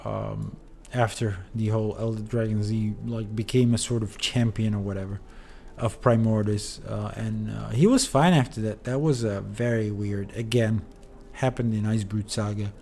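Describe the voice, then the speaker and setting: A man's voice: lowish voice, steady tone, normal speed, creaky, few pauses, dark tone, a little hiss or hum. A sleepy man streaming a video game, rambling through commentary with lots of fillers. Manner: rambling, hesitant, many fillers. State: sleepy, yawning. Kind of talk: casual let's play commentary.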